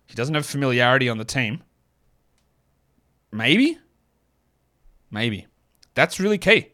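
An Australian man talks through his analysis alone on a podcast mic. His delivery is casual and conversational, full of quick asides, and his voice sits at an ordinary, middle pitch for a man. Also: very animated, sharp tone. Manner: casual, chatty, thinks aloud with quick asides. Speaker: podcast host. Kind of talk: solo sports analysis podcast.

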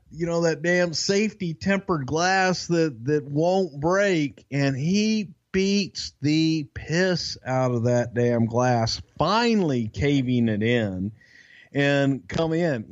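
A man's voice: on the high side, lively intonation, takes it slowly, muffled recording. A man co-hosting a podcast, telling a backstage story in a rambling, profane way with lots of restarts. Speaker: podcast co-host. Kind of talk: casual storytelling chat.

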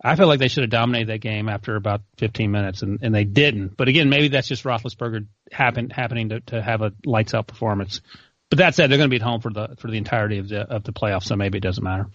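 Young male sports co-host, rapid and opinionated, dry lo-fi sound. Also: lowish voice, a bit bright, no echo. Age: young adult. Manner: fast, opinionated, corrects others. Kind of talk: casual sports debate.

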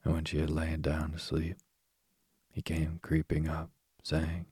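Deep, husky bedtime storyteller man. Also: completely flat delivery, no room sound, studio quality. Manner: slow, soft-spoken, soothing.

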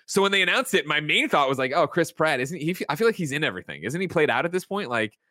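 A man co-hosting a casual talk show, animated and rambling, swearing and laughing as he goes. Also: on the high side, dry recording. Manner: rapid rambling with quick asides. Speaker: podcast co-host. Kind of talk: casual chat.

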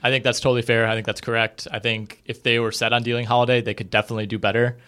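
On a podcast, a co-host chats about basketball trades in a loose, conversational way, hedging constantly with fillers. He has a medium-pitched, fairly bright voice with little pitch movement, and he's racing along.

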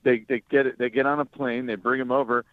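A man, a sports reporter, calling in as a guest and explaining things in a relaxed, rambling way. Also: medium pitch, fast, no room sound. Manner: relaxed, explains at length with fillers. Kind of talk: casual radio interview. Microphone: phone line. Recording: tinny phone line.

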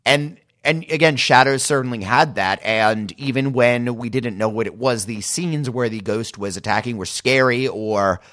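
A man's voice: medium pitch, moderate pace, hardly any pauses, a bit bright. A man co-hosting a podcast, chatting casually in a wry, amused way. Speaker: podcast co-host reviewing TV episodes. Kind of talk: casual critical chat.

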